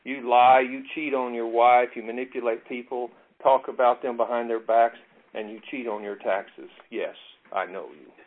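A man's voice: medium pitch, fairly even intonation, moderate pace, natural voice. A man voicing a blunt, grandmotherly elderly woman on the witness stand in a joke, prim and scolding. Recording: tinny phone-like audio.

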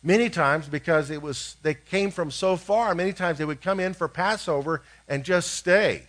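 A man's voice: a little high, normal speed, fairly bright tone. A man preaching, teaching verse by verse and putting questions to his listeners as he explains.

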